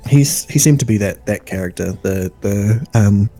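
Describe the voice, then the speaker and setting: A man co-hosting a casual podcast chat, making quick, opinionated comments. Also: on the low side, mellow, faint music behind. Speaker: podcast co-host.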